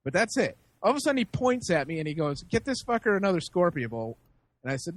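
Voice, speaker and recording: A man casually telling a story on a podcast, animated and laughing as he acts out the people in it. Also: high voice, brisk, background noise. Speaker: podcast host.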